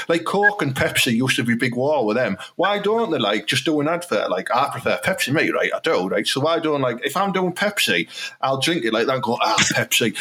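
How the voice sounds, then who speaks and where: A man, co-hosting a podcast with excitable, rambling, crude comic banter. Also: medium pitch. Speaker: podcast co-host.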